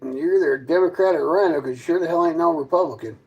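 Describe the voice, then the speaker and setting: A man's voice: a little high, rapid-fire, a little mellow, breathy edge, muffled recording. Guy ranting at his chat on a livestream from his trailer, sarcastic and mocking, picks fights. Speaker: livestream host chatting with viewers. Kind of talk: casual livestream rant. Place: inside his fifth-wheel trailer.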